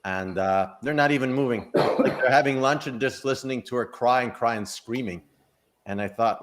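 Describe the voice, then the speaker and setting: A man's voice: medium pitch, a little fast, a bit bright. A man co-hosting a casual chat show, rambling and breaking off mid-sentence. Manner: rambling, self-interrupting, laughs at own jokes. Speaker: psychic co-host.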